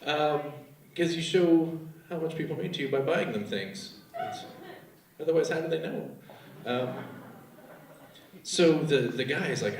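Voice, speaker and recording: A man's voice: on the high side, measured pace, long pauses, a little hiss or hum. A man doing a stand-up comedy set, telling a crude story and acting out the people in it. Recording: echoey room, from a distance.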